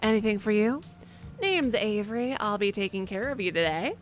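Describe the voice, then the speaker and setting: A chatty, welcoming server at a small-town diner in a game, speaking brightly and cheerfully at a mid-range pitch, as a woman streamer puts the voice on. Faint music sits behind the voice. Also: lively intonation, normal speed, lightly acted.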